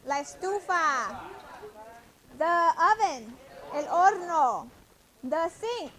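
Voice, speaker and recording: A woman's voice: high voice, fairly bright tone. A woman teaching a classroom vocabulary lesson, patiently drilling words and correcting pronunciation. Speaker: Spanish teacher.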